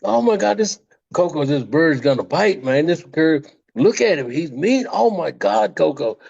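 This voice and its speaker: A man doing a panicky, squeaking fretful man. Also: expressive, normal speed, vocal fry, a little mellow, highs cut off. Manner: high, panicky, pleading repeats. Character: jittery nervous man fretting over a bird.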